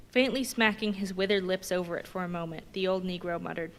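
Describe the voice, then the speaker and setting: A woman reading a novel aloud at a public marathon reading, in a measured, plain way. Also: lowish voice, steady tone, gravelly. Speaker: volunteer reader. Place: large museum reading hall. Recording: long reverb in a big hall.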